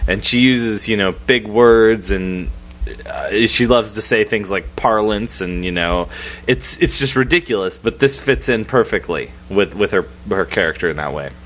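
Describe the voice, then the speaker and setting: A man co-hosting a casual film podcast, excitable and laughing often as he gushes. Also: fairly low pitch, moderate pace. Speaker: podcast co-host.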